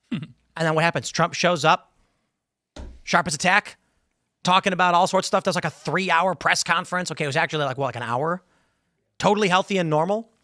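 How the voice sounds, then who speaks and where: A man hosting a political talk show, commenting in an animated, mocking way. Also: on the high side, no echo, clean studio sound. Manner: animated, mocking, talks fast in bursts. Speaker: podcast host.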